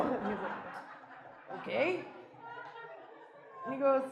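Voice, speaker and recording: High-voiced woman doing stand-up in a roomy venue. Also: unhurried, long pauses, lo-fi sound, a crowd in the background. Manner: self-deprecating, animated storytelling with acted-out quotes. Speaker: stand-up comedian. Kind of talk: stand-up comedy set. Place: live venue stage.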